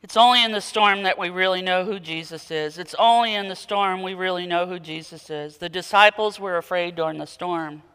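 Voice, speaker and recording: A man preaching a sermon, dramatic, moving from quiet intensity to loud emphatic peaks. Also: sits high, a little fast, few pauses, smooth. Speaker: pastor. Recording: long hall reverb.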